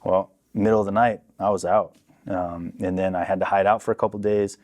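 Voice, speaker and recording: Low-voiced man telling a story as a podcast guest. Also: fairly quick. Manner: animated, acts out quoted people. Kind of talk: casual storytelling. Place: podcast studio.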